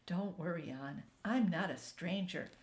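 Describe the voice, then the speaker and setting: A woman voicing a calm, gentle anger creature in a storybook, speaking low and hushed. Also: unhurried, lightly acted. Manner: hushed, low, soft-spoken. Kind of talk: storybook reading.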